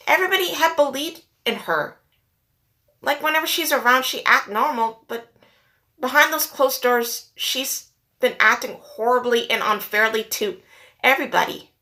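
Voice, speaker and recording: A woman's voice: high-pitched, bright, forceful tone. A woman speaking earnestly and upset in a personal vlog, holding back tears and repeating herself for emphasis. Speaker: vlogger. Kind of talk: emotional personal rant to camera.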